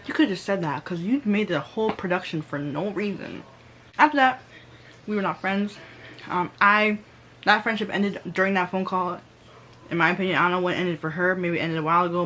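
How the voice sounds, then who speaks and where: A young woman telling a storytime to her channel, animated and slangy, acting out every line people said to her. Her voice sits at a middle pitch. Faint noise hums under the recording. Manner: animated, slangy, reenacts quotes. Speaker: vlogger. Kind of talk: storytime vlog.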